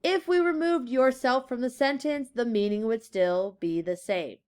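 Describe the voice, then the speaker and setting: A woman teacher leads a classroom grammar lesson, slowly stressing key words and reading example sentences aloud. Her voice is a little high, smooth, and darkish in tone.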